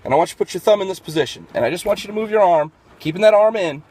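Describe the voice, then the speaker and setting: A man's voice: high voice, animated, rapid-fire, a little mellow. A man explaining workout technique in a casual fitness vlog, talking step by step with lots of fillers and restarts. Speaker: fitness vlogger.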